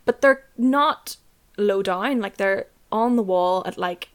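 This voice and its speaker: Young woman, casual podcast co-host, medium pitch, sweary, rambling storyteller. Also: slow pace, clear, resonant tone. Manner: chatty storyteller, lots of "like", sweary, bursts into high laughter. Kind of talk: casual chat.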